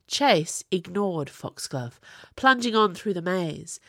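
A woman narrating an audiobook in an expressive reading voice. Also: lowish voice, slow, no room sound, studio quality.

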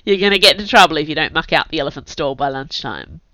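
A woman's voice: low voice, quick pace, pushed and bright, no echo. A woman voicing a tough, wry young male drifter who taunts casually, on a dull, dry lo-fi recording. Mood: mocking.

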